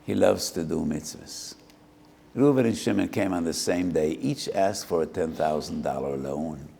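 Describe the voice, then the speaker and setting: A man's voice: sits low, normal speed, vocal fry, mellow, slight background noise. An older man, a rabbi, giving a sermon, telling a parable with Hebrew phrases and acting out both sides of a dialogue. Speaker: rabbi giving a Torah lecture. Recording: roomy hall with long reverb.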